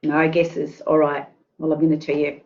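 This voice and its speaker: A woman's voice: deep voice, completely flat delivery, normal speed, darkish tone. Woman presenting on a muffled video call. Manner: chatty, asks the audience questions, many fillers. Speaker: careers workshop presenter. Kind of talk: online workshop talk.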